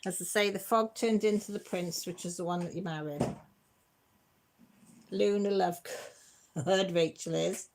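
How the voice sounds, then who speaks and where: A woman from Britain hosting a casual live chat from home. She reads viewer comments aloud in a playful, easily excited way. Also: lowish voice, unhurried, long pauses, noisy background. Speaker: livestream host.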